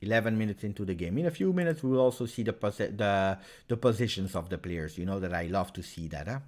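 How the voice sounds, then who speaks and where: A man with an Italian accent hosting a live football reaction stream, excitable, chatting with viewers and bursting into loud cheers. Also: lowish voice, quick pace. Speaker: live match reaction host.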